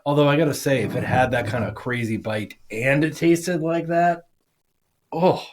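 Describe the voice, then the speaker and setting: A man's voice: a little high, moderate pace. A man co-hosting a casual podcast, laid-back and swearing as he reacts to the drinks. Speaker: podcast co-host. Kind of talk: casual chat.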